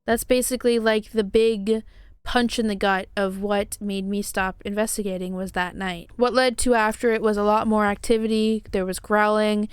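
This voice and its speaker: A woman's voice: mid-range voice, fairly even intonation, normal speed, clear, resonant tone, dry recording. A woman vlogger telling a personal paranormal story in an emotional, dramatic way, full of fillers and restarts.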